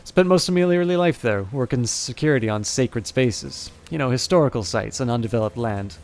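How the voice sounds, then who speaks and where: A man's voice: medium pitch, brisk, darkish tone, lightly acted. A man voicing a blunt, wry woman mercenary. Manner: blunt, folksy, scornful.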